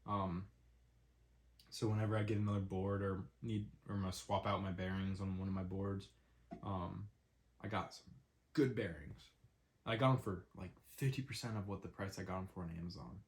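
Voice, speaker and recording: A young man with a stuffy, congested nose hosts his own podcast alone. His voice sits a little low, and he rambles casually from one thing to the next, dropping frequent "um"s along the way. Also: steady tone, moderate pace. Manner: rambling, lots of "um" fillers. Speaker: podcast host. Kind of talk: casual solo podcast chat.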